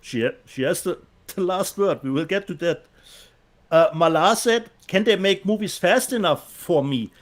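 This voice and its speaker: A man's voice: sits high, animated, moderate pace. A man with a German accent co-hosting a casual chat show, reading out viewer comments and laughing often. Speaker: co-host.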